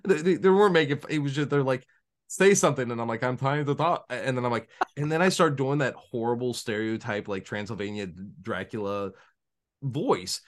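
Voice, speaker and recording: A man co-hosting a podcast in casual chat, telling stories in an animated way with frequent restarts and laughter. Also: medium pitch, brisk. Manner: animated storyteller, stammers and restarts, laughs often. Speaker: podcast co-host.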